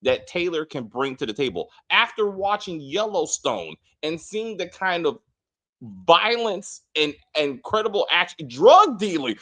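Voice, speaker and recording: A man's voice: sits high, a bit bright. A man co-hosting a casual TV spoiler review, ranting emphatically with plenty of profanity. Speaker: co-host of a TV review show.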